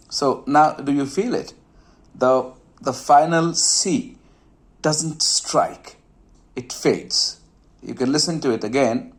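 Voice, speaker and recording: Slow, reflective man explaining poetry. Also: fairly high pitch. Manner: slow, reflective, hesitant with frequent fillers and restarts. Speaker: poetry explainer, channel host. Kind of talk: informal explanatory talk to camera.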